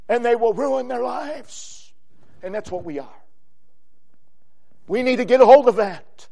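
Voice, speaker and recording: A male preacher with a very high voice delivers a sermon at an unhurried pace. He is emphatic, rising to loud exclamations and then dropping to quiet, low phrases. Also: animated, creaky.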